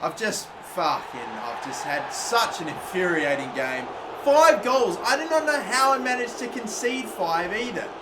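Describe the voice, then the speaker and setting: A young Australian man giving exasperated, swearing commentary over his own football video game, with sudden loud outbursts. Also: high-pitched, expressive, normal speed, few pauses, noisy background. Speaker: gaming YouTuber. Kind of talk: gameplay commentary.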